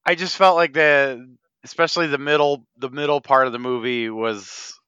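A man with a smooth, bright voice speaks slowly and evenly, weighing his view of a movie. The recording is dry and slightly dull. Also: medium pitch, steady tone, no room sound. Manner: unhurried, mostly short agreeing replies. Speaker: podcast co-host. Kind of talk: casual movie-review chat.

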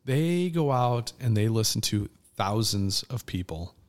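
At a measured pace and fairly low pitch, a man co-hosting a podcast chats casually and tells stories animatedly. His delivery includes restarts and trails off into fillers.

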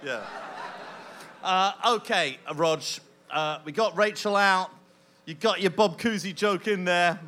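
A man's voice: high-pitched, a little slow, sharp tone. A man co-hosting a podcast on stage before a live audience, teasing his partner with dry wit. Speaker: podcast co-host.

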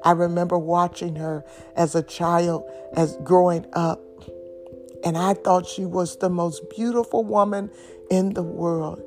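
A middle-aged woman sharing an emotional personal testimony, halting at times with soft laughs. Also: lowish voice, steady tone. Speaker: speaker giving testimony. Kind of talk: slow, heartfelt personal testimony. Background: faint instrumental music.

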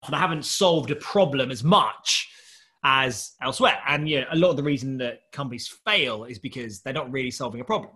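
Animated man telling a story. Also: mid-range voice, brisk. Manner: animated storyteller who laughs often and does voices. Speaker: startup founder. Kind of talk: anecdote in podcast chat.

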